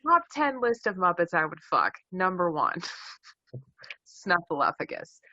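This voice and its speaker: A young woman chats on a podcast in quick, animated, jokey rants full of swearing. Her voice is bright and a touch low. The recording is dry and dull, like a cheap mic. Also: dry recording. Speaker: podcast co-host. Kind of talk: casual podcast chat.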